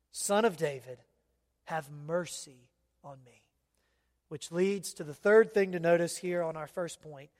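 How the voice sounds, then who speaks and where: A man preaching a sermon, emphatic, often checking in with the congregation with quick asides. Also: high-pitched, in a large hall. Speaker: pastor.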